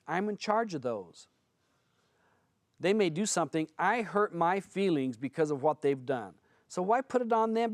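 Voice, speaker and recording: Blunt, fairly high-voiced male spiritual teacher. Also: dry recording, studio quality. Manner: blunt, conversational, storytelling. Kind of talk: seminar talk to an audience.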